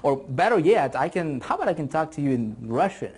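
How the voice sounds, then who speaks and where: A man's voice: fairly high pitch, very animated, a little fast, a little mellow, slightly rough. A man teaching an online marketing course in a motivational video lesson, talking with energy and enthusiasm and repeating phrases for emphasis.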